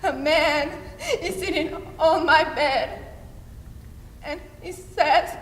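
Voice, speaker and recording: Teenage girl, solo dramatic monologue, halting and intense, high voice, reverberant hall, faint ambience. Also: a bit bright. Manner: intense, halting, emotional delivery. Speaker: student performer.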